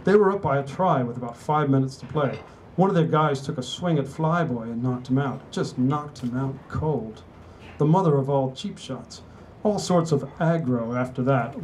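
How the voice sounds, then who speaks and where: Man voicing a british rugby mate, british accent, breezy, teasing, middle pitch. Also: darkish tone, a little hiss or hum, lightly acted, low-quality recording. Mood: excited recounting. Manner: chummy, teasing, upbeat. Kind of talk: live reading of a novel.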